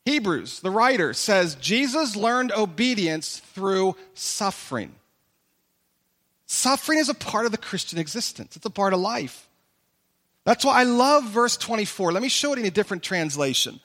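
A man's voice: high-pitched, very animated, normal speed, a bit bright, big-room sound. A man preaching a sermon as pastor from a church stage. He preaches with passion and at times speaks in the voices of imagined listeners.

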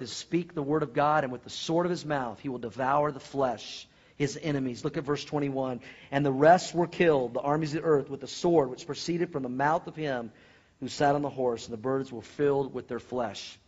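A male pastor preaching a sermon, earnest, with animated storytelling and questions to the congregation. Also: on the high side, normal speed, breathy edge. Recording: dull lo-fi sermon recording.

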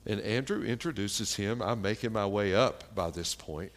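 A man preaching a sermon, telling a personal story in a slow, plain-spoken way with pauses and fillers. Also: lowish voice.

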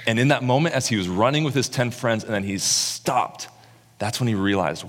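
A man's voice: mid-range voice, normal speed. A man preaching a sermon in a big, echoing hall, his voice carrying a long tail of reverb. He sits in a middle register and tells the story with energy, acting out its people as he goes. Earnest, heartfelt sermon delivery. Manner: animated storyteller who acts out quotes.

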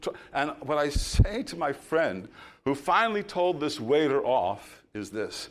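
A middle-aged male pastor preaching a sermon, telling a story that builds to loud emphasis and then drops soft. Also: a little high, very animated, unhurried.

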